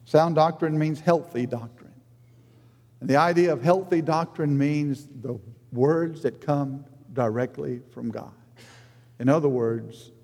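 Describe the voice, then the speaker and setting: A man preaching a sermon in an earnest manner, rising for emphasis and then dropping low and quiet. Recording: long hall reverb.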